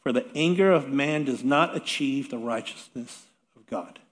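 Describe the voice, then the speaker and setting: A man's voice: medium pitch, normal speed. A middle-aged male pastor preaching a sermon in a chatty, self-deprecating way with light laughs. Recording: long hall reverb.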